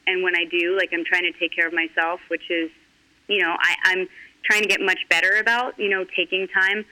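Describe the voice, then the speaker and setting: A middle-aged woman talking candidly in an interview, earnest and halting with frequent restarts. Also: fairly low pitch, level tone, bright, forceful tone, poor audio. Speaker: guest.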